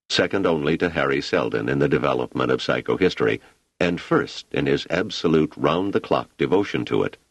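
A man narrating an audiobook with an expressive, dramatic reading. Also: extremely low pitch, no echo.

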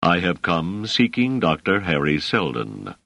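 A big, literal-minded sergeant, played by a man, speaks in slow, formal, rumbling syllables. He sounds stolid and unbending. The voice is close and dry. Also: sing-song, vocal fry, bright, forceful tone, no room sound, highs cut off, heavily acted.

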